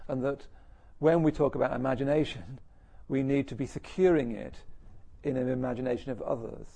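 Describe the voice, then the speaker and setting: Talking a little fast, a middle-aged man muses about himself to an audience with self-deprecating humor. His mid-range voice is gravelly, husky and dark, with fairly even intonation.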